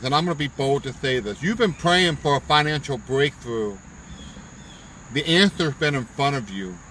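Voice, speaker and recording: Recorded roughly, with a little hiss or hum, a man with a medium-pitched, somewhat bright voice delivers a fervent, preachy pep talk. He's a business promoter live-streaming from his car parked at a park outdoors, and he repeats himself for emphasis.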